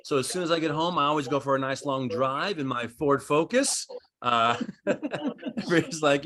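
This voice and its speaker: A man's voice: medium pitch, expressive, normal speed, pushed and bright. A young American man doing a stand-up routine on a virtual comedy show, rambling and self-deprecating, laughing at his own jokes. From United States.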